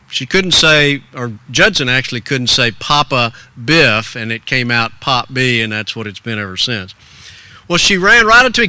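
An older male pastor preaches an earnest, story-driven sermon in a slightly high voice. He sinks into soft hushes and then climbs to stirring emphasis. The recording is dry.

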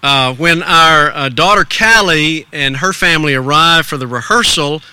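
An older man, a pastor, preaching an earnest sermon in a storytelling way. He drops to soft hushes, then rises with stirring emphasis. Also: on the high side, moderate pace, clear, resonant tone, no room sound.

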